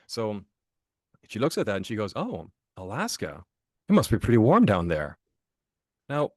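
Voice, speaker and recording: A man's voice: fairly low pitch, no room sound, clean studio sound. A man from Germany, a podcast guest and author, telling stories in a casual interview, often restarting phrases and checking in with "right?".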